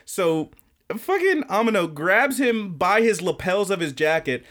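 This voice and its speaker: A man's voice: high voice, big pitch swings, unhurried, fairly bright tone. Rambling, cussing male podcast host. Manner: rambling, profane, full of "like". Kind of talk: casual podcast chat.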